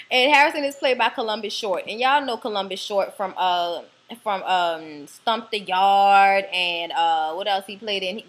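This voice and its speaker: Cursing New Orleans woman ranting recap. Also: mid-range voice. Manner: profane, animated, chatty. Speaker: TV episode reviewer.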